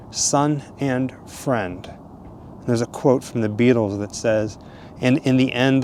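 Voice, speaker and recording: A man's voice: medium pitch, slight background noise. Man chatting casually at graves. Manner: relaxed, chatty, chuckling asides. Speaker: vlogger, host. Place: outdoor cemetery.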